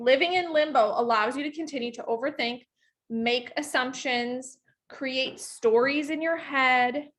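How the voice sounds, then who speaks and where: A woman's voice: sits high, sharp tone. A woman leading a live online sales training for her team, talking energetically with lots of fillers and restarts. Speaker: network marketing trainer.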